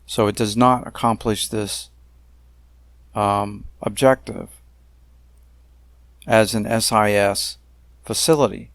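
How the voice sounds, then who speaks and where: Man, lowish voice, slideshow narration, deliberate and emphatic, lots of pauses and fillers, dry close sound. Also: steady tone, dry recording. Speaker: narrator of a self-made video complaint series.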